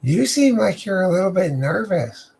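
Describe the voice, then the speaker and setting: A man's voice: high voice, very animated, normal speed, vocal fry, darkish tone, slightly rough, pitched above the performer's own voice, full character voice. A man voicing an alluring, wide-eyed young woman who talks coyly and teasingly.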